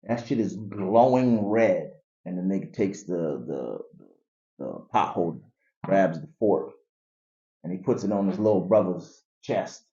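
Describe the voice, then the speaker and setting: A man telling his life story in a casual interview, animated and acting out the people in it. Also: low-pitched, unhurried. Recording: echoey, dull room recording.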